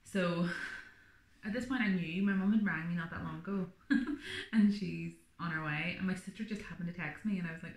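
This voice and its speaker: A woman with a somewhat low voice talks a bit quickly in a room with noticeable echo. She's a vlogger sharing her birth story in a chatty, meandering style packed with filler words, typical of a casual birth story vlog.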